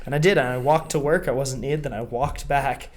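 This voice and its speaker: A man's voice: mid-range voice, fairly even intonation, fairly quick. A man with a Canadian accent, hosting a podcast in easygoing, self-mocking casual chat. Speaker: podcast host.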